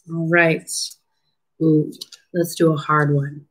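A woman's voice: on the low side, sing-song, takes it slowly, fairly bright tone, rough recording. A woman speech clinician leading a children's lesson, drawing out words in an encouraging, sing-song teacher voice. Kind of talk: children's syllable-clapping lesson.

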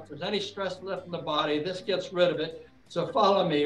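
A man's voice: high-pitched, fairly quick, a bit bright, echoey room, soft background music, low-quality recording. Upbeat man leading a video fitness class. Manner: upbeat, coaxing, laughs often while guiding. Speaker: fitness instructor. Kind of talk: virtual fitness class instruction. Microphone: video call.

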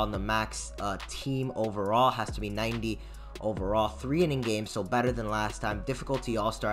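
A young man giving casual commentary over his own baseball video game, swinging between muttered asides and loud outbursts. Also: on the low side. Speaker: gaming YouTuber.

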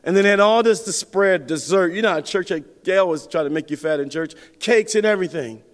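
A man preaching a sermon as pastor, telling a personal story with big swings in pitch and loudness. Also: fairly quick, big-room sound.

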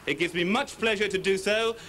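A man giving a brisk, formal speech at a ceremony. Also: high voice, bright, forceful tone.

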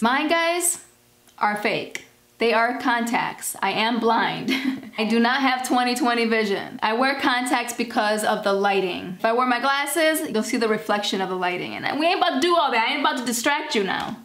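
A young woman in a casual vlog chat, talking quickly and frankly. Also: on the high side, lively intonation, a bit bright. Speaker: vlogger. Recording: echoey with background music.

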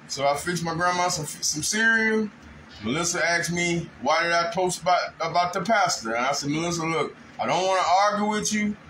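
A man's voice: high voice, sharp tone, a little hiss or hum, rough recording. A man telling a rambling, aggrieved story in casual monologue at home, breaking into raised outbursts. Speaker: vlogger. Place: home kitchen.

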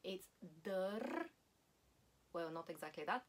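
A woman teaching a language lesson, repeating each word slowly and deliberately so learners can practise. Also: lowish voice, expressive.

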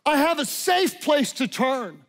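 A man preaching a sermon, swinging between loud emphatic declarations and hushed, intimate tones. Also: extremely high pitch, expressive, measured pace. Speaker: pastor.

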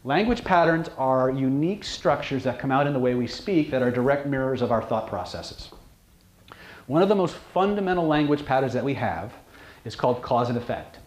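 A man teaches a casual seminar on hypnosis and lie detection to a live group, bluntly cracking jokes and repeatedly asking "okay". His mid-range voice is expressive and fairly quick, and the room is echoey with faint noise.

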